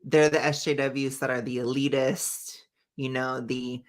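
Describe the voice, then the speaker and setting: A woman with a strikingly deep, gravelly voice co-hosts a casual chat, emphatic and opinionated. Her tone is bright and pressing, and she laughs often between points. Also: flat delivery, a little slow. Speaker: co-host.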